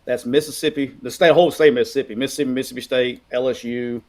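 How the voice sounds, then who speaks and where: A middle-aged man from Alabama chats casually about sports as a co-host. He tells long, meandering stories, often restarting his sentences. His voice sits at an ordinary pitch for a man. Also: rapid-fire. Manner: rambling, animated storytelling with restarts.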